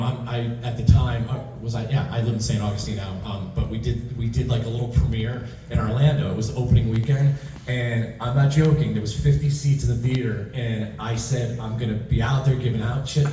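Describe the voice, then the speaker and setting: A man telling rambling, excitable stories as a guest at a convention panel Q&A. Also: mid-range voice, fairly quick. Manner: rambling, excitable, many restarts. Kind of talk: convention Q&A storytelling. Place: large convention hall. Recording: roomy hall, distant mic, faint noise.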